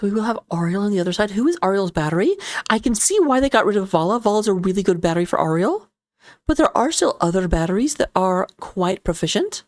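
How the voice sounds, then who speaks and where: A woman casting a live video game match as commentator, playful and jokey, her voice jumping up with sudden excitement. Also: medium pitch, fast, no room sound, clean studio sound. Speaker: esports caster.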